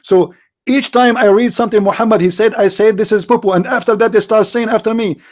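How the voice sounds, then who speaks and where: A man's voice: high-pitched, steady tone, brisk. A man hosting a live call-in show, talking bluntly and mockingly in broken grammar. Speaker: host of a live call-in challenge. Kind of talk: unscripted live talk.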